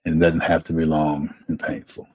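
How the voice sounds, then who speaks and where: A man with a bass voice delivers a motivational webinar talk as a life coach, completely flat yet brisk, in a dark tone. Repetitive in manner, he keeps tacking on "right?" and "man." The live recording is dull and lo-fi.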